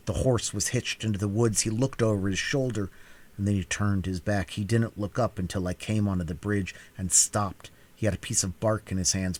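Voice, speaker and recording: A man giving a cold-read audiobook narration, reading in a measured, quiet and even way. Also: sits low. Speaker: reader.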